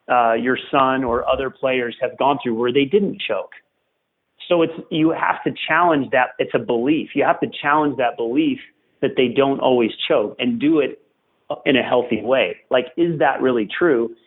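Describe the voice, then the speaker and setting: A man, a tennis coach, giving earnest and emphatic advice as a podcast guest, repeating phrases for stress. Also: mid-range voice. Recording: tinny phone-like remote line.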